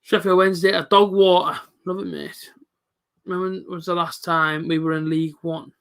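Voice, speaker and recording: A man in his late twenties hosts a live football reaction stream, chatting casually and answering viewers by name as he reads chat. His voice is high and fairly bright, with a clean tone, some vocal fry, and a flat delivery at normal speed.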